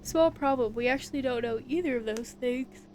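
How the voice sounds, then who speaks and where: Woman doing curious young sleuth, earnest questions, light higher voice. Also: fairly even intonation, a little fast, slight background noise, close to an everyday voice. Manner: earnest, inquisitive. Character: polite young investigator searching for someone. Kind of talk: voice-acting a visual novel.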